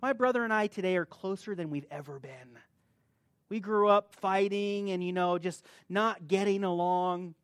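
A middle-aged man preaching a sermon, swinging between soft asides and loud, high outbursts. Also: moderate pace, smooth, no room sound, studio quality. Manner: animated, rises loud and high when acting out stories. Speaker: pastor.

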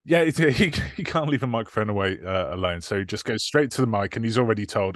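A man's voice: on the low side, expressive, fast, dry recording. Man on a podcast, laughs a bunch, lots of ums, dry close mic. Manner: laughs often, hesitant with fillers. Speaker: podcast host. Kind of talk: casual film recap chat.

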